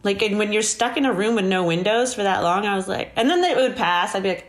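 A woman's voice: medium pitch, brisk. Laughing woman telling a story. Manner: animated, laughing often, acts out quoted lines. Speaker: guest. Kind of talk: casual storytelling interview.

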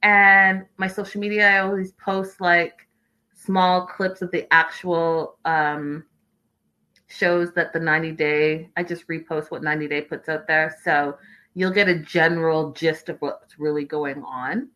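Chatty young woman host, gossipy live recap voice, bright, fairly low-pitched. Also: flat delivery, a little slow, rough recording. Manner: chatty and gossipy, reads viewer comments aloud. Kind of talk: casual livestream recap chat.

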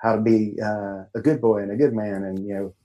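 A man guesting on a casual podcast, talking as a coach in a meandering, halting way. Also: fairly low pitch, fairly even intonation, warm tone, muffled recording. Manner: meandering, halting, laid-back. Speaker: guest, men's empowerment coach.

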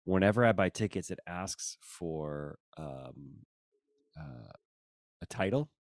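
Low voiced guy chatting, lots of ums, dry close mic. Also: animated, dry recording. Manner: rambling, halting with fillers, dry humor. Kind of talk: casual chat.

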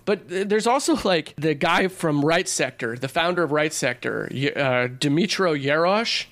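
A man's voice: a little high, lively intonation, unhurried, fairly bright tone. A man co-hosting a podcast, chatting casually and animatedly with lots of filler words. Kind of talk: casual political chat.

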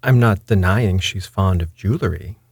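A man's voice: sits low, moderate pace, creaky, a little mellow, slightly rough, no echo, studio quality, exaggerated voice. A man voicing a homely country landlord who speaks in plain, simple words. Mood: plain, bothered. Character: worried, plain-spoken male farmer and landlord.

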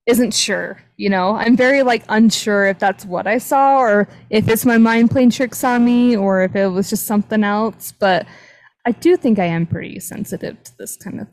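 A woman's voice: a little high, normal speed, darkish tone, dry recording, low-quality recording. A young woman hosting a casual podcast, retelling a paranormal investigation with lots of fillers. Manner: chatty, retelling a paranormal story with many "like" fillers. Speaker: podcast host. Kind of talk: casual storytelling chat.

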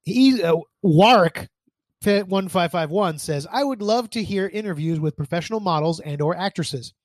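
Man, podcast co-host, casual teasing chat, high voice, dry close sound. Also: expressive, normal speed, dry recording. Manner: teasing, offhand, reads listener emails aloud. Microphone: desk mic.

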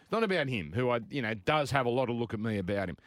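A man's voice: mid-range voice, very animated, rapid-fire, dry recording. Brief: Australian male host, dry close sound, opinionated sports rant. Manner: opinionated, ranting. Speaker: radio sports show host. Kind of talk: casual sports banter.

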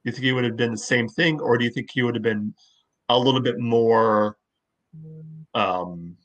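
A man's voice: mid-range voice, normal speed, fairly bright tone, muffled recording. A man co-hosting a casual fan podcast, thoughtful and questioning, with frequent hesitant fillers. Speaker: podcast co-host.

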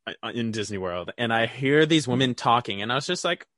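A man co-hosting a casual chat, lively and teasing, laughing often. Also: medium pitch, fairly quick, no echo, studio quality.

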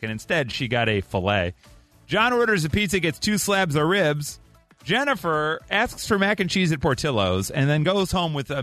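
A man's voice: on the high side, bright, forceful tone, no echo. A man hosting a morning radio show, joking casually with callers and co-hosts and acting out other people's lines. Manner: jokey, playful, acts out other people's lines.

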